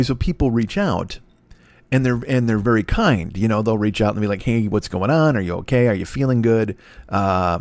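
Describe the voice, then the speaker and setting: A man's voice: mid-range voice, a little mellow, no room sound. A man in his forties hosting a comedy podcast, rambling through a profane, self-deprecating monologue. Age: 40s.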